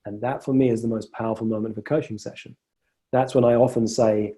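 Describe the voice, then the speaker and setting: An emphatic male coach speaking on a call. His voice is very bright and edged, and he often stumbles over repeated words as he builds toward his point. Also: fairly low pitch, steady tone, fast. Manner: emphatic, repeats words when starting phrases. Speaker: coach and host.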